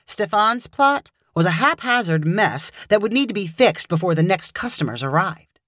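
A woman narrating a short story in a measured, expressive way. Her voice moves through a lively range of pitch around an average middle level. The recording is close and dry. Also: no echo.

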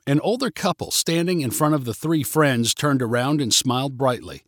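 A man reading a story aloud as narrator, in a clear, expressive way. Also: medium pitch, normal speed, hardly any pauses, dry recording, clean studio sound.

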